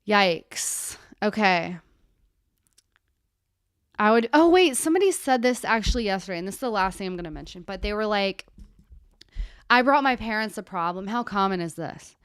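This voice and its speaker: A young woman and therapist chatting candidly on her live Q&A stream, with animated asides. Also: medium pitch, moderate pace, clean tone, dry recording, studio quality.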